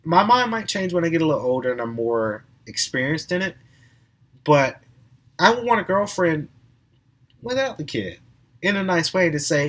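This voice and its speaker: A young man hosting a podcast, telling stories in a casual, animated way with frequent laughs and restarts. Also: on the high side, normal speed, pauses often. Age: young adult. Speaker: podcast host. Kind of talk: casual storytelling monologue.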